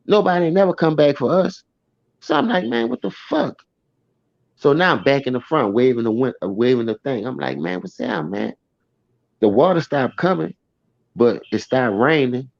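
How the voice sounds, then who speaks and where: A man telling a personal story in a blunt, profane, animated way. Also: medium pitch, dry recording. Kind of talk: casual first-person storytelling. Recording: dry, slightly dull recording.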